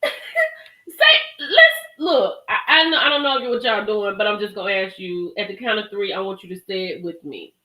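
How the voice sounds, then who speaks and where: A woman hosting a casual live stream, talking straight to her chat in an animated way and often laughing and exclaiming. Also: mid-range voice, moderate pace. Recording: echoey room.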